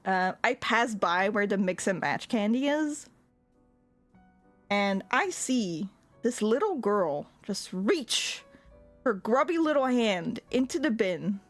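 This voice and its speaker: A woman's voice: medium pitch, slow pace, soft background music. A young woman telling a story in casual chat, laughing often and filling her talk with "like.". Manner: animated, laughs often, lots of "like" fillers; swears when annoyed. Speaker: streamer.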